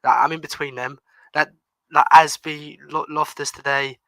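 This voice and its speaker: Weary, annoyed young man, bright and dry. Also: fairly high pitch, level tone, moderate pace, no room sound, rough recording. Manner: weary and annoyed, trailing off, with many restarts. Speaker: co-host on a fan stream. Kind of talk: casual post-match fan chat.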